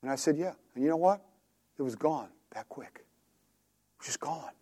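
A male preacher with a slightly high but mellow voice, delivering a sermon like a friendly conversation. He tells stories and keeps turning to his listeners with questions. His delivery feels easy and unforced. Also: normal speed, husky.

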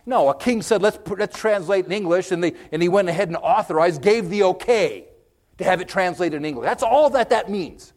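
A man preaching a conversational sermon, folksy and direct with his listeners, swinging from loud emphasis to hushed, whispered moments. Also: high voice, expressive, a little fast. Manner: folksy, direct, addresses listeners with okay and amen.

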